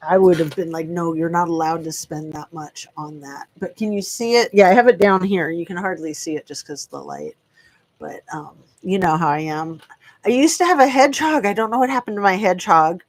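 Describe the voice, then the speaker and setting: A woman in her fifties who runs a true crime channel hosts a casual live stream from a room at home. Her mid-range voice is brisk as she chats with viewers and talks to her dogs in a rambling, friendly way.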